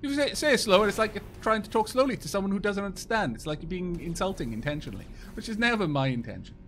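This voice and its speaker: A Welsh man chatting quickly and casually with his viewers while he plays a game, poking fun at himself as he goes. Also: high-pitched, lively intonation, fairly bright tone, a little hiss or hum. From Wales. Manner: fast-talking, chatty, self-mocking. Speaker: game streamer. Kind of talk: casual live-stream chat over gameplay.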